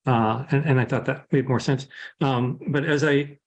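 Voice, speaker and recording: A man's voice: medium pitch, steady tone, moderate pace. A man speaking as a panelist in a conversational, searching way over a video call. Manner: conversational, searching, many fillers. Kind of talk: reflective panel talk.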